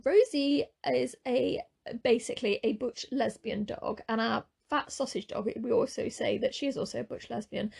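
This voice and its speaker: A woman's voice: a little high, moderate pace, gravelly, a little mellow, husky. A woman co-hosting a casual podcast, blunt and sweary, laughing often. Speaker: podcast co-host. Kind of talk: casual chat.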